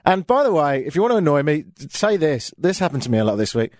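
A man's voice: fairly high pitch, sing-song, brisk, hardly any pauses, no room sound. A man with a British accent hosting a talk radio show, chatting in a casual, self-mocking, grumbling way into a studio microphone.

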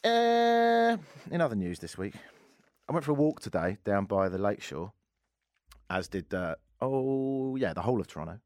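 A man's voice: fairly low pitch, animated, normal speed, darkish tone, dry recording. A man hosting a casual radio talk show, wry and sarcastic, rambling between topics. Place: radio studio. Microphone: studio microphone.

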